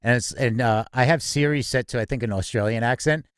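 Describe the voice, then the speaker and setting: A man's voice: mid-range voice, fairly quick, clear, resonant tone, dry recording, clean studio sound. A man co-hosting a live music news show, chatting in an upbeat, casual way and laughing often. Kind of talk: casual live-stream chat. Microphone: home desk mic.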